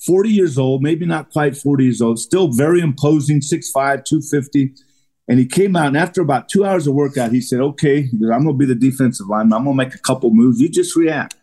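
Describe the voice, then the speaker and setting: A middle-aged man, a retired football lineman, telling stories as a podcast guest, acting out quotes as he goes. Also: medium pitch. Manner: animated storyteller, acts out quotes. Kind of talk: casual storytelling interview.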